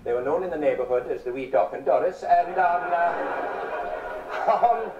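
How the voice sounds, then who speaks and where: A man's voice: on the high side, slight background noise. Wry man in his forties, joking on stage. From England. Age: 40s. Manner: wry, punning, with quick asides to the audience. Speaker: stand-up comedian. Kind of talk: music hall comic patter to a live audience. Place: large theatre. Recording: roomy, distant, dull 1970s theatre broadcast with audience laughter. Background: audience laughter.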